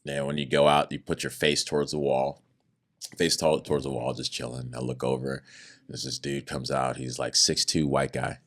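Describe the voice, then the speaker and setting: A man with a remarkably deep, low voice shares a personal testimony in conversation. He speaks earnestly about his faith and brings the story to life by acting out what other people said. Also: normal speed. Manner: animated, acts out other people's words in raised voices. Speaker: podcast guest.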